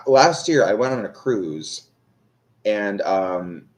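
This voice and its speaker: Taking it slowly, a young man doing tarot readings on a live stream chats casually with viewers in a lowish voice with lively intonation. The talk wanders, with plenty of self-deprecation, fillers, and restarts.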